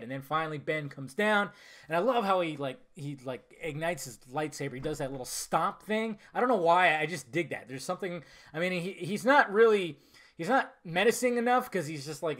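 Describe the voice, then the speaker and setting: A man's voice: fairly high pitch, fairly bright tone. A man giving a casual, enthusiastic spoken movie review, rambling with fillers and restarts. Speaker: film reviewer.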